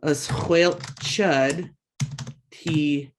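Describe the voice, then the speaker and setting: A woman teaching a language lesson online through a computer mic, slowly repeating words for learners and adding chatty asides in between. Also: sits low, fairly even intonation, background noise. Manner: slow drawn-out word repetitions for learners; chatty asides with self-teasing.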